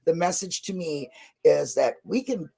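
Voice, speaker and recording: Husky, emotional woman on a livestream chat. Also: low voice, animated, a little slow, mellow. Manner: emotional, effusive, blunt and swearing. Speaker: true crime channel guest.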